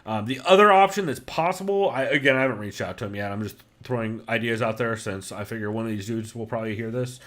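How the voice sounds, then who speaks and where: Brief: male podcast host, mid pitch, rambling casual delivery, swears freely. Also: quick pace, few pauses, fairly bright tone. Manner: loose and profane, many fillers.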